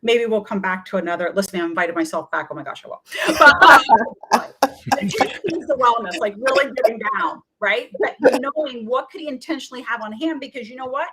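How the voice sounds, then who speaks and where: Energetic woman telling coaching stories. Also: a little high, fairly quick, noisy background. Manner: energetic, chatty, often acts out quoted voices. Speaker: wellness coach guest. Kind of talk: animated storytelling in a talk-show interview.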